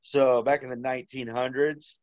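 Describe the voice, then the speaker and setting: A man telling a long, rambling story as an interview guest, halting and full of restarts. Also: mid-range voice, little pitch movement, darkish tone, dry recording, highs cut off. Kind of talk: casual storytelling.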